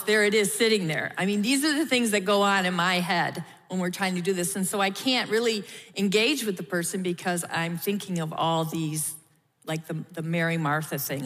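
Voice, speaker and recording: A woman's voice: fairly low pitch, a bit bright. A middle-aged woman co-preaching with her husband, talking candidly and reflectively about herself. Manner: candid, reflective, self-explaining. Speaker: pastor's wife, co-presenter. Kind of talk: conversational sermon with spouse. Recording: long reverb in large hall.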